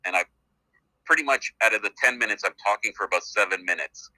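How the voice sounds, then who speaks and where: Canadian male actor, middle-aged, phone guest; chatty rambler, low-pitched, very bright and tense. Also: fast talker, dry recording, rough recording. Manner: chatty, rambling storyteller with many fillers. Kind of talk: casual phone interview. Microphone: phone call.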